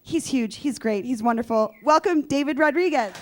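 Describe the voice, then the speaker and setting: High, gushing woman introducing a guest. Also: moderate pace, heavy background noise. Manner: enthusiastic, gushing. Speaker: show host. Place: small studio.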